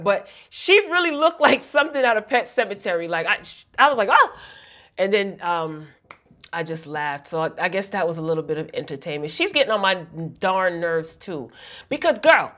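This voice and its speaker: A woman's voice: medium pitch, lively intonation, normal speed, a bit bright. Woman, casual vlog, TV recap, chatty, opinionated, exasperated. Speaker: TV episode reviewer.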